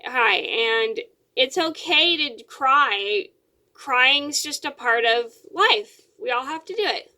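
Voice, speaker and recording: A woman's voice: sits high, animated, slow pace, pushed and bright. A young adult woman vlogger telling a personal story in a casual, rambling way, with lots of fillers and repeated words.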